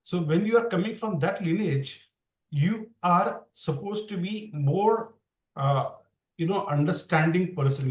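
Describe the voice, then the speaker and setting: A man teaches a scripture class, wandering through his points and restarting sentences. His voice sits slightly high for a man. He is heard from a distance in a roomy, echoing space. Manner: rambling, restarts, mixes English with Hindi. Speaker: Bhagavad Gita class teacher. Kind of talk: explaining scripture in a casual class. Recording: roomy sound, far from the mic.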